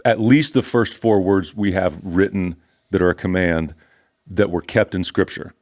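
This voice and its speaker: A man's voice: low voice, normal speed, darkish tone. An older man, a pastor, teaching from scripture in an earnest, emphatic conversational way. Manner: earnest, emphatic, repeats phrases for stress.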